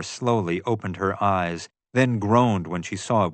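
Male audiobook narrator, low pitch, measured first-person delivery, dry sound. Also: no echo.

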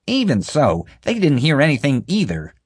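A whiny, defensive woman pleads her case in a high, strained voice that sounds unlike a plain speaker, as a male audiobook narrator puts her on. Her protests rise and push hard, recorded dry and close. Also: wildly swooping pitch, moderate pace, slightly rough, no echo. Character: defensive middle-aged woman security guard.

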